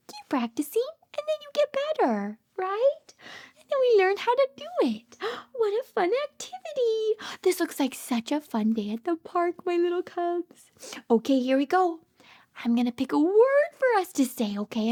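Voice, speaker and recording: A woman speech therapist reading a picture book aloud to toddlers, sing-song and full of delighted gasps, sometimes dropping to soft whispers. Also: very high voice.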